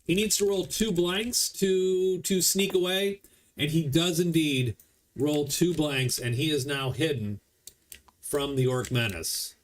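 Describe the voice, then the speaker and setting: Male board game streamer with a slightly high voice. Chatty and explains rules aloud. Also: slow pace. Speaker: board game player streaming a solo playthrough. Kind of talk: casual game commentary.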